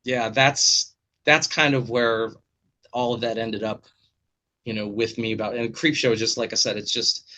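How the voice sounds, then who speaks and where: A man hosts a relaxed chat over a video call. He tells stories animatedly and swears freely. His voice is bright and forceful, with a middle pitch. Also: measured pace. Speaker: podcast host. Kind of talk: casual chat.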